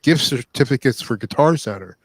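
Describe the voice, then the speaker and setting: A man rambles in casual chat, stopping and restarting. His voice is lively and varied in pitch. The sound is dry, with no room echo. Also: fairly quick. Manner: rambling, stop-and-start talk. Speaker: guest, hobby musician.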